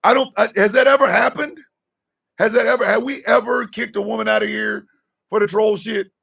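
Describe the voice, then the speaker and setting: Man, live stream host, gravelly voice, husky tone, mock-indignant scolding, high and swooping. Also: fairly even intonation, brisk, fairly bright tone. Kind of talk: casual live stream rant.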